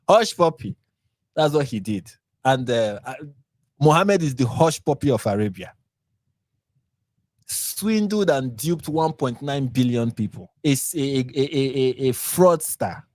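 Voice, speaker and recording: A man's voice: mid-range voice, a little mellow, dry recording. A Nigerian man with a Nigerian accent hosting his channel, giving sarcastic, mocking live commentary on posts and rambling through restarts and repeats. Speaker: channel host.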